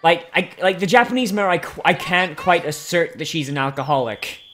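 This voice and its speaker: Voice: mid-range voice, expressive, fairly quick, a bit bright, a little hiss or hum. A commentator giving casual, profane, sardonic reactions while watching a cartoon at a desktop computer. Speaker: video reactor.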